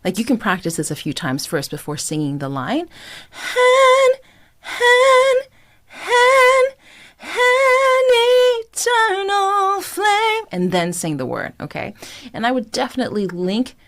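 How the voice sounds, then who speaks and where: A woman vocal coach talks through singing technique with lively, swooping intonation and real enthusiasm. She explains each point and then sings short phrases to demonstrate. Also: lowish voice, a little fast. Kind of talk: vocal lesson with sung demonstrations.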